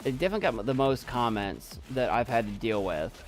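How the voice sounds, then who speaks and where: A man's voice: medium pitch, animated, fairly quick, soft background music. A young man streaming from his desk at home, chatting casually in a rambling, self-doubting way and repeating himself. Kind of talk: casual live-stream chat.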